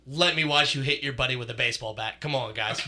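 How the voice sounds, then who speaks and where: A man's voice: mid-range voice, fast, noisy background. A man co-hosting a podcast, ranting bluntly and swearing freely in casual chat. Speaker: podcast co-host.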